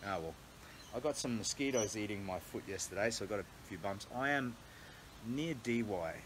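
An Australian man with a very low voice chats on a phone livestream, candid and earnest as he rambles from thought to thought. He is recorded in a small cabin through earbuds or the phone's own mic. A faint ambient hiss sits behind him. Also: animated, normal speed, poor audio. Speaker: charity walker livestreaming. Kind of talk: casual livestream vlog. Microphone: earbud mic, then phone mic.

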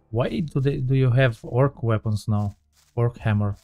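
A man's voice: mid-range voice, measured pace, dark tone, highs cut off, slight background noise. A man giving casual let's-play commentary as he plays, thinking aloud and often correcting himself mid-sentence. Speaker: gaming channel host.

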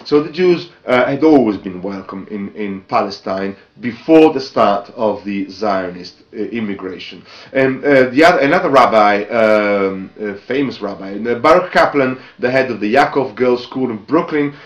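A man from Italy, a journalist giving a spoken history lecture in a halting, hesitant way and stressing key words. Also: on the low side, expressive, lo-fi sound. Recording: roomy echo.

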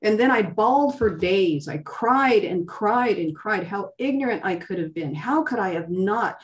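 A woman gives an emotional personal testimony in a fervent voice, often restarting herself and lifting her pitch for emphasis. Her voice sits in a middle range and is picked up from a little way off the mic. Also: lively intonation, measured pace. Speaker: guest sharing a testimony. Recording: voice distant from the mic.

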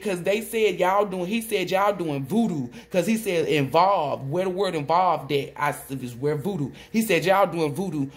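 A woman giving a solo tarot reading, rambling excitedly and swearing as she relays messages she says come from a spirit. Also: deep voice. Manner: swoops between loud outbursts and muttering. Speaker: tarot reader.

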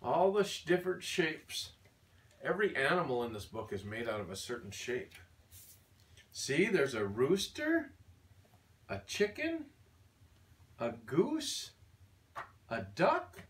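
A man's voice: on the high side, wildly swooping pitch, slow, pauses often, far from the mic. An older man, a grandfather, reading a picture book aloud to a baby in a sing-song way, with playful animal noises.

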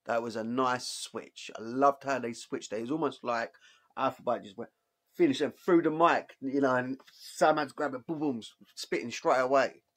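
A man hosting a music reaction video, giving casual and excited commentary, swearing freely and stopping to point out moments he likes. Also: mid-range voice, normal speed.

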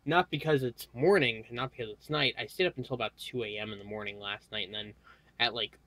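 A tired young man giving a casual, rambling hardware walkthrough, halting often with fillers as he moves around the camera mic. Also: mid-range voice, a bit bright, no room sound. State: tired, yawning. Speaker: tech hobbyist vlogger.

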